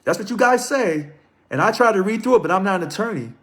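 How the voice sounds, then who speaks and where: A man's voice: sits high, expressive, quick pace, a bit bright. A man hosting a casual live stream, reading aloud, commenting and greeting viewers by name. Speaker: livestream host.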